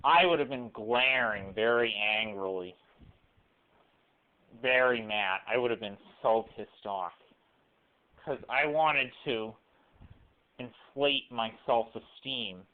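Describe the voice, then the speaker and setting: A young man rambling through a halting personal monologue, recorded on a cell phone camera. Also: lowish voice, clear, resonant tone. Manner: halting, full of restarts and fillers. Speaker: vlogger. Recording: weak tinny cell phone audio.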